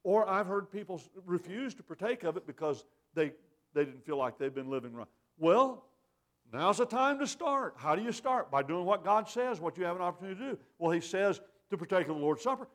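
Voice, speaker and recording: High-voiced man giving a communion talk. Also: expressive, quick pace. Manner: earnest, plainspoken, repeats points for emphasis. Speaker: lay speaker at communion. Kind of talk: communion meditation.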